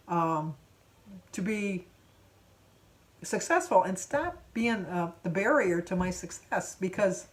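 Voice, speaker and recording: A woman in her seventies talking straight to camera in a casual vlog. She rambles and restarts, tossing in fillers as she goes. Her voice sits at an ordinary middle pitch for a woman. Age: 70s. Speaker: vlogger.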